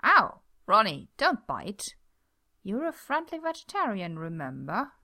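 A playful, flirtatious team leader who teases gently and keeps his voice low and soft, as a woman narrator puts him on. The voice carries a gravelly edge at mid pitch. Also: wildly swooping pitch, unhurried, full character voice. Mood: teasing. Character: charming, teasing grown man team leader.

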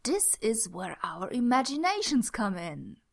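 A man's voice: sits high, huge pitch swings, measured pace, creaky, fairly bright tone, full character voice. A woman reading the lines of a confident, cheerful man giving his team odd orders. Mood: breezy. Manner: confident, breezy, theatrical. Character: cheerful commanding man in a greatcoat.

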